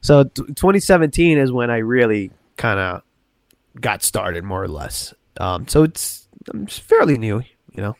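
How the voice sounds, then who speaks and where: A man's voice: mid-range voice, sing-song, moderate pace, dry recording, clean studio sound. A man talking as a guest on a podcast, rambling casually with many restarts and self-corrections. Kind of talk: casual chat.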